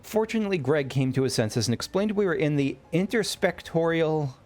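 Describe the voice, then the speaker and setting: A man's voice: fairly high pitch, expressive, fairly quick, darkish tone, natural voice. A man reading as a perky young sleuth woman. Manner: chirpy, chatty game dialogue reading. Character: perky young woman, cheerful detective's assistant.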